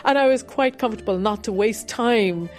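A woman's voice: medium pitch, normal speed, faint music behind. Reflective woman harp teacher. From Ireland. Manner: candid, reflective, with soft laughs. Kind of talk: radio interview.

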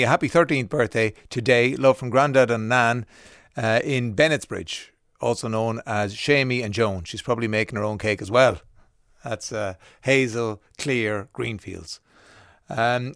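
A man's voice: mid-range voice, no echo, clean studio sound. An Irish man presenting a radio show in a chatty, casual way, reading out listener messages. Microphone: studio mic.

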